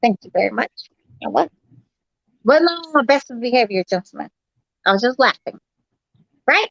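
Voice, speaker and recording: A woman's voice: on the high side, animated, moderate pace, creaky, fairly bright tone, dry recording, dull audio. A woman in loose, profane, laughing group chat.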